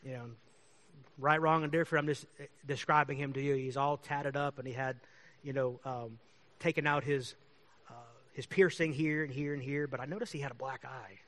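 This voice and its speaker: A man's voice: mid-range voice, fairly even intonation, fairly quick, fairly bright tone. A man who is a pastor, telling stories in a chatty, rambling way and laughing often. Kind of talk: casual storytelling.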